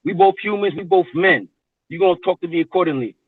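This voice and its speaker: A man's voice: sits high, fast talker, breathy edge, no echo. A man telling a work story in a brash, profane, casual way as a podcast co-host. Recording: tinny dry phone-like line.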